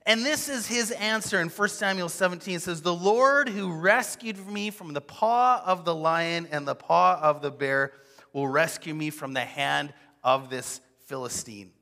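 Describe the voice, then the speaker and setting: Male preacher, slightly high and bright voice, lively storytelling sermon, echoing church hall. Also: unhurried. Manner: expressive storytelling, acting out quotes. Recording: long hall reverb.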